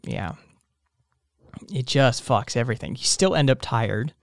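A man's voice: mid-range voice, lively intonation, a little slow, creaky, no echo, studio quality. A man hosting a casual solo podcast, rambling and tired, with lots of fillers, restarts and casual swearing. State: tired, yawning. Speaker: podcast host.

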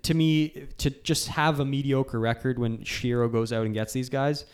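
A man's voice: medium pitch, steady tone, normal speed, smooth. A man hosting a casual sports podcast, talking loosely with frequent restarts. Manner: loose, rambling, restarts and laughs. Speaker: podcast host.

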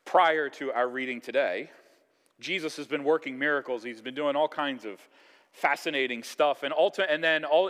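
Lively male preacher in a reverberant hall. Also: a little high. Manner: conversational, animated, acts out quoted voices. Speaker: pastor. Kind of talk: sermon.

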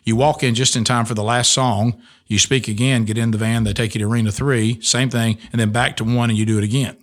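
A man's voice: mid-range voice, steady tone, quick pace. A middle-aged man, a radio host telling an emotional personal testimony in an earnest way, full of restarts. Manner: earnest storytelling with many restarts.

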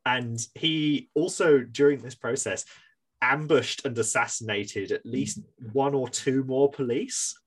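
A man hosting a casual podcast chat, telling a story in an animated way, laughing and swearing as he goes. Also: medium pitch, a little slow, slightly rough. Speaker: podcast host.

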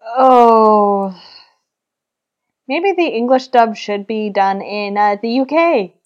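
A woman in casual chat, relaxed, giving short replies and wry asides. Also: fairly high pitch, unhurried, highs cut off.

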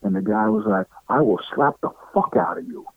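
A man's voice: high voice, very animated, brisk, vocal fry, no echo. A middle-aged man telling stories in a casual interview, acting out what other people said and laughing often. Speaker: interview guest. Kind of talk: casual storytelling. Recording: tinny phone-like line, dry.

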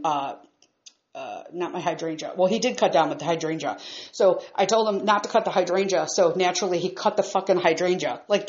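Annoyed woman swearing through a home rant, low-ish voice, muffled lo-fi audio. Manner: profane, exasperated, emphatic. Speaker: vlogger. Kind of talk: angry ranting monologue. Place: upstairs room at home.

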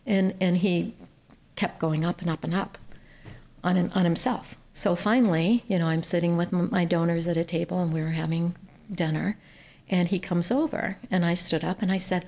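A woman from Ohio with a slightly low, gravelly voice, speaking as a podcast guest. She tells her stories earnestly and lifts her voice when she quotes others. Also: steady tone, normal speed, darkish tone. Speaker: guest, nonprofit chief executive. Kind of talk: conversational storytelling.

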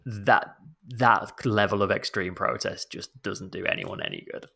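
Very deep gravelly male co-host. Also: fairly even intonation, measured pace, pushed and bright. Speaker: podcast co-host. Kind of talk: casual chat.

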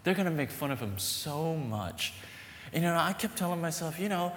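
A man preaching a sermon, animated and emphatic, telling stories with a laugh. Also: on the high side, normal speed, a little hiss or hum. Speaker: pastor. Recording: echoey hall with long reverb.

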